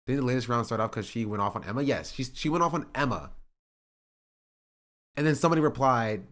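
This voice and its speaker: A man's voice: mid-range voice, lively intonation, a little fast, pauses often, fairly bright tone. A male streamer in casual chat, reacting to online drama in a rambling, exasperated way with many filler words.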